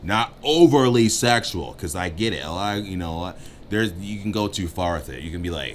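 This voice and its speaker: A man co-hosting a dating advice chat, joking and talking without a filter, swinging between loud bursts and muttered asides. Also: low voice, expressive, moderate pace, a little hiss or hum. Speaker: co-host giving dating advice. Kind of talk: casual uncensored chat.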